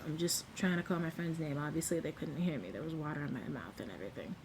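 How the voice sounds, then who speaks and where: A young woman vlogger telling a story in a casual, animated way, sometimes dropping to a whisper. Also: deep voice, a little fast, slight background noise. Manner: animated, acts out quotes, drops to a whisper at times.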